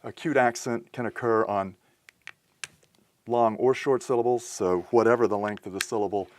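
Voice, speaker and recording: A man teaching a recorded lecture explains each step methodically, stopping now and then to correct himself. His fairly low voice stays steady at a moderate pace, and the recording has no echo.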